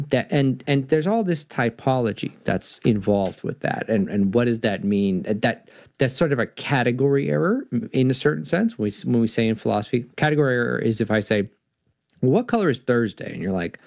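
A man hosting a storytelling lecture, reading a story aloud and musing on its meaning with frequent restarts. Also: medium pitch. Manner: animated, musing, full of restarts. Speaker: host.

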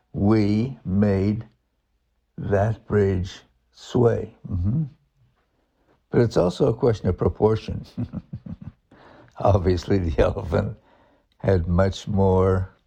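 A man giving a reflective spiritual talk, halting and searching, thinking aloud as he goes. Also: deep voice, creaky, warm tone, slightly rough. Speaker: Christian speaker.

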